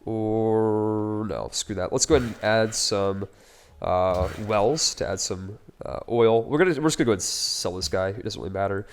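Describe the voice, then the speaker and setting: A man's voice: on the low side, normal speed, smooth. A man casually commenting on his own strategy game playthrough, upbeat and chatty with wry, joking asides. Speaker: let's play host.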